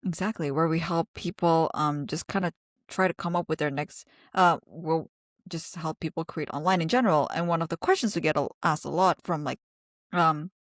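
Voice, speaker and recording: Chatty woman with a low voice. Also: normal speed, no echo, clean studio sound. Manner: chatty, laughs often, many fillers. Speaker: podcast co-host. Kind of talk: casual chat.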